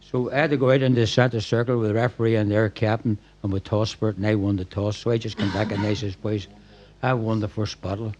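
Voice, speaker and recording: An older man, a former football manager telling lively anecdotes at a club night and acting out what people said. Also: fairly low pitch, fairly quick. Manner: animated storyteller, acts out quoted lines. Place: packed function room.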